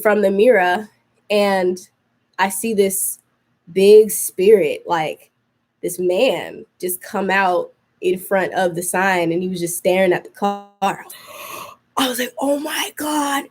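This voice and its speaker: Young woman, podcast host, casual storytelling, rambling, fillers and restarts, middle pitch. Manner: acts out her own quoted reactions.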